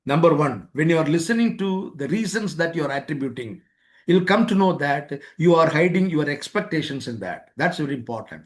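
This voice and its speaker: Higher-voiced man lecturing on a webinar. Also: animated, brisk. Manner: repetitive, acts out both sides of everyday exchanges. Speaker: webinar speaker on life skills. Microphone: remote webinar microphone.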